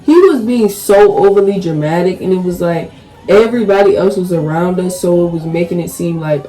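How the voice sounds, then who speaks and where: A woman's voice: lowish voice, brisk, warm tone, poor audio. A young woman telling a casual storytime vlog, rambling along with lots of "like"s and restarts. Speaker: storytime vlogger.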